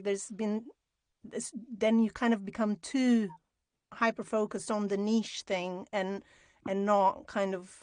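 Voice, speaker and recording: A woman's voice: medium pitch, fairly bright tone, no echo. Thoughtful Brazilian woman, British-tinged accent. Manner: thoughtful, searching for words. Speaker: voice actor, panelist. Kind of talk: panel discussion.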